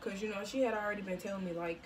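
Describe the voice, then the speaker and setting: Teen girl vlogger, casual storytime, slangy and animated, mid-pitched, a bit off-mic. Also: rapid-fire, recorded from a distance, slight background noise.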